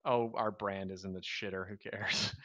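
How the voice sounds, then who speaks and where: A man's voice: deep voice, highs cut off. A man in his thirties from the Southern US, co-hosting a live stream in a wry, rambling, joking way. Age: 30s. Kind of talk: casual live stream chat.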